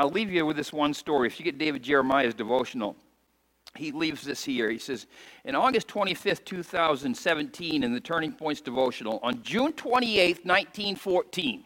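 High bright-voiced guy preaching in a church, gets fired up then goes real soft, long reverb. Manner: impassioned preaching that rises to shouts and drops to soft intimate lows. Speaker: pastor. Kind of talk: sermon.

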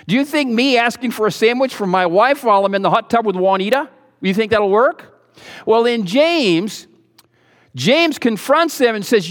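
A middle-aged man preaching a sermon as pastor, folksy and joking, moving from low asides to loud exhortation. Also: lively intonation, moderate pace, big-room sound.

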